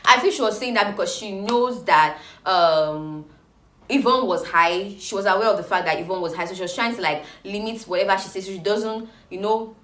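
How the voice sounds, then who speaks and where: A woman chattily recapping reality TV gossip, animated and exclaiming. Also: mid-range voice, normal speed, reverberant.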